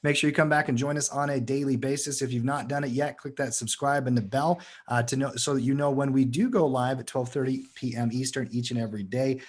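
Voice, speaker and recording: A man's voice: mid-range voice, steady tone, fairly quick, hardly any pauses, a little mellow. A man hosting a live stock market show, wrapping up with upbeat thanks to his co-hosts. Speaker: show host. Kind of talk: casual market show wrap-up.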